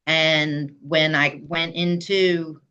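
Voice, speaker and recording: A woman's voice: low voice, fairly even intonation, drawn-out words, sharp tone, clear, resonant tone. A woman, telling her own story plainly and earnestly as an interview guest. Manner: earnest, plain-spoken, voice rising when emotional. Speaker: guest, memoir author. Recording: slightly dull lo-fi sound.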